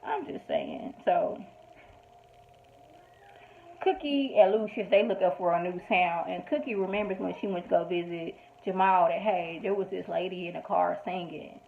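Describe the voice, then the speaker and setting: With a lowish, gravelly voice at a moderate pace, a chatty woman gives a casual recap and review of a TV episode. She's animated and emphatic, quoting lines as asides, over tinny phone-like audio with a bit of background noise.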